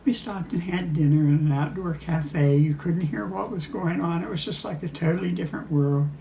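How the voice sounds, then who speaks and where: A man's voice: a little high, moderate pace, gravelly, dark tone, a little hiss or hum. An older man casually recounting travel memories, rambling with frequent restarts and chuckles. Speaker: storyteller. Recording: echoey room.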